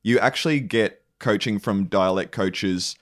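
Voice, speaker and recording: A man co-hosting a podcast, chatting in an animated, joking way. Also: lowish voice, measured pace. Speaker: podcast co-host. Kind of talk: casual chat.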